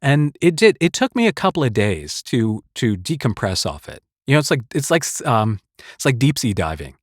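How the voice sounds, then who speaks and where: A man's voice: medium pitch, sing-song, normal speed, dry recording. A man who works as a voice actor, talking casually and earnestly about his craft, rambling with restarts and short laughs into a close studio microphone. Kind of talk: casual talk on voice-acting craft.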